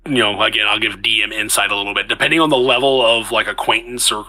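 A man's voice: fairly low pitch, fairly even intonation, quick pace, pushed and bright, rough recording. A man acting as game master, explaining rules and narrating a tabletop role-playing session. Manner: explains rules, briefly voices characters.

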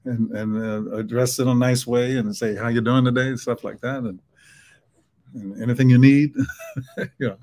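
A man with a Southern US accent, a book author talking as a podcast guest in a relaxed way, mumbling some words and laughing often. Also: mid-range voice, normal speed, pauses often. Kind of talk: podcast interview.

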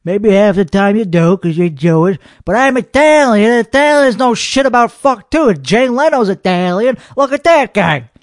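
A man's voice: sits high, moderate pace, few pauses, no echo. A man playing a hot-headed, boastful comedian who hosts a podcast, ranting with heavy profanity and rambling, belligerent talk. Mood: mocking. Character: hot-headed, foul-mouthed, boastful male comedian host. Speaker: podcast host. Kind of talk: comedic character monologue.

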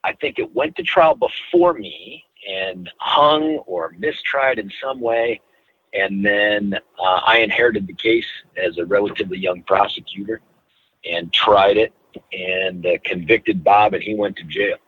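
A middle-aged man, a former prosecutor, telling a case story in a measured, deliberate way during an interview. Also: lowish voice, lively intonation, breathy edge, dry recording. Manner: measured, deliberate, stretches words for emphasis. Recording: tinny phone-like line.

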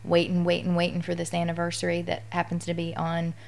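A woman's voice: lowish voice, monotone, quick pace, vocal fry, a little mellow. A middle-aged woman speaking candidly and with emotion as a guest in a conversational interview.

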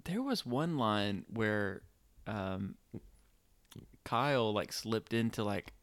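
A man's voice: on the low side, lively intonation, slow, a bit bright, no echo. A man co-hosting a casual movie chat, rambling and playful, with lots of fillers. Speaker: podcast co-host.

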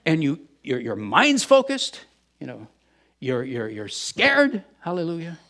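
A middle-aged male pastor preaching a sermon, his voice sitting a bit high for a man. He stumbles over repeated words and restarts his sentences, then swells into loud, fervent bursts. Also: huge pitch swings, measured pace, gravelly.

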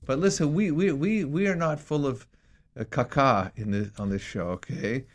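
A man co-hosting a casual talk show, rambling and excitable, with many restarts and repeated words. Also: mid-range voice, normal speed. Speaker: co-host.

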